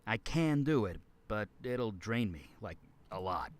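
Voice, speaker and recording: A game character whose lines come as separate voiceover takes, each one repeated. The delivery is unhurried, and the pitch rises and falls a lot. This is game dialogue played back during editing. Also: male voice, very animated, slight background noise. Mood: tense.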